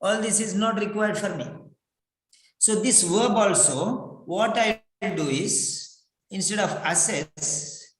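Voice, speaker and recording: A man's voice: high-pitched, slow. A man teaching English writing for exams in an emphatic, repetitive lecture full of rhetorical questions. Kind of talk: classroom-style lecture. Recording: echoey room.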